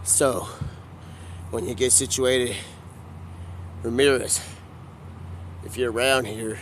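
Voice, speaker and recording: A man's voice: medium pitch, steady tone, takes it slowly, fairly bright tone, a little hiss or hum. A man doing an improvised comedy skit outdoors, rambling and drawling, filling nearly every sentence with "man" and "bro". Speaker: comedic vlogger.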